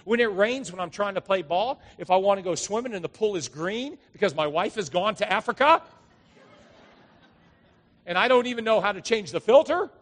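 A middle-aged male pastor preaching a sermon, telling stories and acting out the voices with drawn-out dramatic lines. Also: sits high, animated. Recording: long hall reverb.

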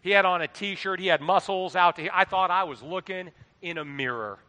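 A middle-aged man preaching a sermon into a microphone, animated, swinging between quiet asides and loud exhortation. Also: sits high, a little fast. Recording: long hall reverb.

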